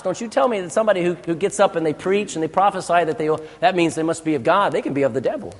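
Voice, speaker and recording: A man's voice: high-pitched, fast, hardly any pauses. A male pastor preaching a sermon, emphatic and full of rhetorical questions. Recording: long hall reverb.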